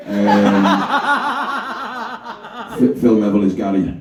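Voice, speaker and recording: A man's voice: a little high, big pitch swings, normal speed, long pauses, darkish tone, far from the mic. A man from England doing a rambling, self-deprecating stand-up set in a comedy club bar, swearing freely. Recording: echoey dull room recording from off-mic.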